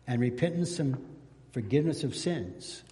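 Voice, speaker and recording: A man's voice: mid-range voice, lively intonation, normal speed, mellow, big-room sound. A man preaching a sermon as pastor, fervent, with rising emphasis and repeated phrases. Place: church sanctuary.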